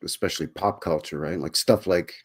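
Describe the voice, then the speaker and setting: Easygoing low-voiced Canadian man. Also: brisk, a bit bright, breathy edge. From Canada, Alberta. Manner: easygoing, joking, says "you know" and "right". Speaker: podcast co-host. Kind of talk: casual chat.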